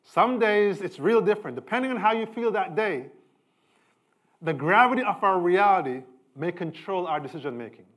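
With a somewhat high, fairly bright voice, a middle-aged pastor gives a conversational sermon at a moderate pace. His intonation is lively, and his pitch and volume keep climbing and falling for emphasis.

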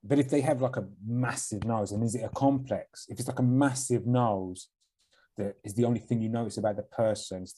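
A young man with a Cockney accent chatting on a podcast. His voice is dark and husky. He talks in a mumbly, blunt way and swears often. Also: mid-range voice, fairly even intonation, a little fast. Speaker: podcast co-host. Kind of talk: casual chat.

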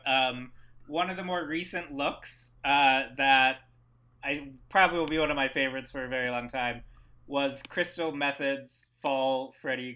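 Bright, enthusiastic man as a guest. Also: mid-range voice. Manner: enthusiastic, rambling, many fillers. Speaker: podcast guest. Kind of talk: casual chat.

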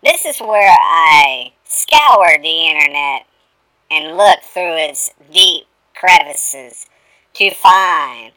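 A woman's voice: sits low, sharp tone, smooth, dry recording, poor audio. A woman presenting a scripted top-ten segment on a podcast in an upbeat way. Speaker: segment co-host. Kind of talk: read countdown segment.

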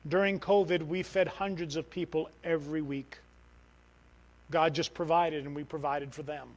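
A middle-aged man with a high, light voice preaches to a church congregation. He is animated and storytelling, jumping from near-shouted outbursts to hushed, soft-spoken moments. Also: moderate pace, rough recording. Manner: animated, swings from loud outbursts to quiet. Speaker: missionary preacher. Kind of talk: sermon.

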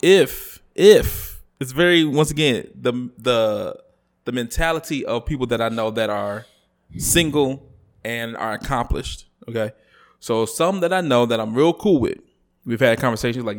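Animated man ranting on a podcast. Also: mid-range voice, moderate pace. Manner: animated, rises to loud ranting when worked up. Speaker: podcast co-host. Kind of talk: casual podcast chat.

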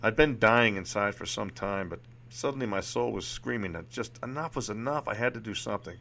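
A man's voice: lowish voice, animated, brisk, creaky, fairly bright tone, slight background noise. A man reading his personal memoir aloud in a candid, reflective way, with occasional restarts.

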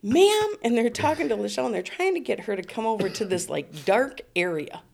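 A woman's voice: medium pitch, big pitch swings, fast, gravelly, a little mellow. A middle-aged woman telling a long personal story in casual chat. She laughs often, swears freely and acts out the people in it. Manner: acts out other people's voices in quotes. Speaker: storytelling guest.

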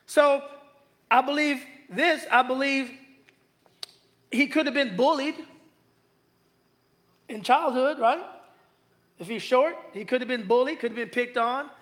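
A male pastor with a strikingly high voice, bright and forceful in tone. He preaches in an easygoing, chatty way, trading jokes with his congregation and drawing out key lines slowly for weight. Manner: conversational, joking asides with the congregation; slows and stretches key phrases for emphasis. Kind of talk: sermon.

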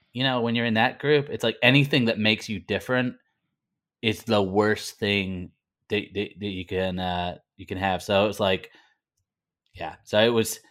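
Low-pitched with a fairly bright tone, this northern English-born man now talks in an American accent. As an interview guest he recounts his story conversationally, stumbling through plenty of fillers and restarts.

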